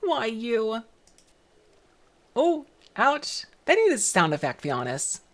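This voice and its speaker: A woman's voice: mid-range voice, wildly swooping pitch, normal speed. A woman live-streaming a game, chatting casually, swearing and reading the game's lines aloud.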